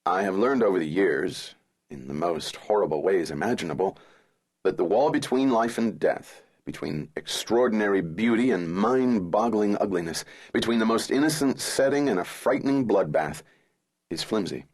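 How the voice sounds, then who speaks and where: A man reading a thriller audiobook in the first person, measured and somber. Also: fairly low pitch, lively intonation, a little mellow. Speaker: audiobook narrator.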